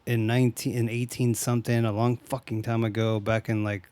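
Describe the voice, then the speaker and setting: A man's voice: mid-range voice, flat delivery, brisk, darkish tone, no room sound. A man casually recapping a horror movie with a co-host, slangy and laughing often. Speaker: podcast co-host.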